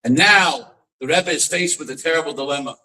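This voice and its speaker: A man gives a dramatic storytelling lecture, his voice high and bright as he circles back over his own words. He is picked up from a distance, so his voice carries a faint sense of the room. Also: brisk. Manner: dramatic storytelling with repeated restarts and Yiddish phrases. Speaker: rabbi and author.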